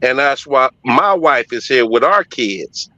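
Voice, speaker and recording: A man's voice: medium pitch, lively intonation, measured pace, bright, forceful tone, no room sound. A middle-aged man telling a story in casual conversation, emphatic and profane but heartfelt. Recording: dull lo-fi audio, dry.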